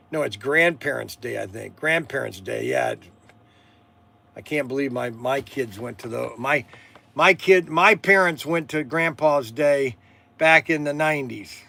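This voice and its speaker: A man's voice: on the high side, vocal fry, sharp tone. A middle-aged man, hosting a casual livestream and rambling through a story with restarts and fillers. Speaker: livestream host and shop owner.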